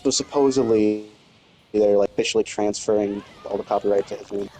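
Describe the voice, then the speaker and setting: A man's voice: fairly low pitch, fairly even intonation, brisk, mellow. A man chatting casually as a gaming co-host, laid-back, reacting briefly to stories. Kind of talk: casual chat.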